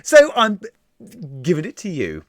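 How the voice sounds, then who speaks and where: A man's voice: high-pitched, huge pitch swings, a little slow, no echo, studio quality. A young man hosting a quiz live stream from home into a desk microphone, reading out the answers in a chatty, irreverent way with casual swearing, many fillers and restarts. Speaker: quiz host. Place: at home, room near a kitchen.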